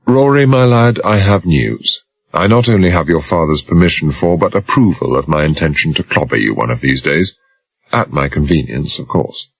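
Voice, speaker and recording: A man's voice: extremely low pitch, expressive, moderate pace, gravelly, breathy edge, no echo, full character voice. A man voicing a cocky young adventurer who talks wryly and teasingly in an audiobook. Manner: wry, teasing, quietly menacing.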